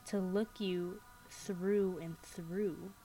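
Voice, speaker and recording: A woman voicing a groaning monster with big claws and teeth, hunting for its lost toe, in a slow drawn-out menacing way. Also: on the low side, fairly even intonation, warm tone, slight background noise, poor audio.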